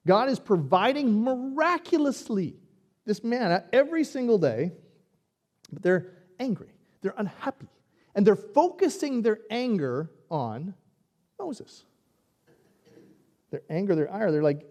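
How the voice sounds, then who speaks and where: A man preaching a sermon in a conversational, animated way, acting out quoted lines. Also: high voice, a little slow, pauses often. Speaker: pastor.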